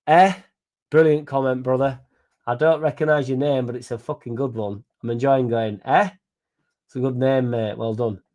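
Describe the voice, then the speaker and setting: A man's voice: medium pitch, steady tone, normal speed, a little mellow. A young man hosting a casual live stream, reading out comments, swearing freely and stumbling over names.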